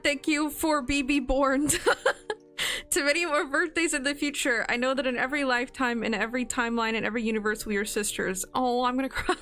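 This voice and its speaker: Reading out birthday messages on a casual stream, a twenty-something woman giggles, laughs a lot and gets emotional along the way. Her voice sits on the high side and sounds a bit bright.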